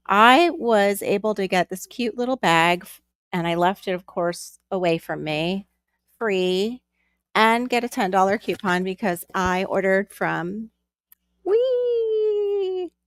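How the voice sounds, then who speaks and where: A woman's voice: medium pitch, a bit bright, clear, resonant tone, no room sound, studio quality. A woman hosting a casual live stream from home, chatting in a rambling way and greeting viewers by name. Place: at home with her young son nearby.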